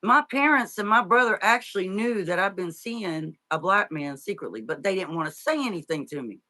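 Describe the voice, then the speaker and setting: Middle-aged woman guest, bright tense voice, halting and teary, lots of um and restarts. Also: mid-range voice, lively intonation. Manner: halting, tearful, many fillers and restarts. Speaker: interview guest. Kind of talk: emotional personal storytelling.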